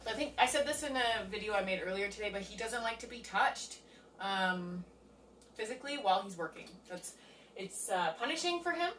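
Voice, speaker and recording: A woman dog trainer talks through a session in a relaxed, step-by-step way. Her voice sits at a middle pitch and comes from some distance off the mic. The room rings around her, and a faint ambience hangs behind. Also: brisk, roomy sound, slight background noise. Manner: relaxed, explains step by step while working. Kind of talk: casual hands-on training demonstration.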